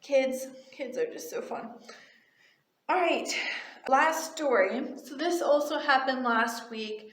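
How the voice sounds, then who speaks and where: Bubbly young woman with a high voice telling a chatty storytime in a roomy space. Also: lively intonation, slow pace. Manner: gushing, chatty, full of "like" fillers. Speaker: retail cashier and vlogger. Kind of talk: casual storytime.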